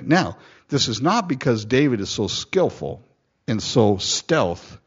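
A man preaching verse by verse, reading old-style scripture aloud, acting out the lines and chuckling often. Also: lowish voice. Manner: lively storytelling, reading King James verses and acting them out. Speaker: pastor. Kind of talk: verse-by-verse sermon. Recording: dull lo-fi recording.

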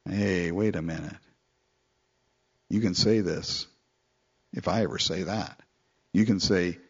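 A man preaching a sermon in a conversational, animated way, often chatting with listeners as he goes. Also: measured pace, long pauses, slightly rough, highs cut off. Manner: conversational, animated, mimics people in falsetto quotes.

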